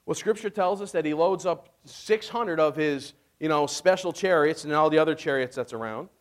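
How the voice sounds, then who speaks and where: A man preaching a sermon, retelling the story with lively acted-out voices and frequent laughs. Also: on the high side, normal speed. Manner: animated, acts out voices, laughs often. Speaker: pastor.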